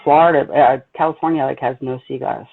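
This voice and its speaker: A New Jersey woman with a Jersey accent hosts a casual livestream as a psychic medium, speaking bluntly and telling animated stories. Her voice is extremely low, gravelly and husky, with fairly even intonation and a slightly fast pace, heard over a tinny phone-like line.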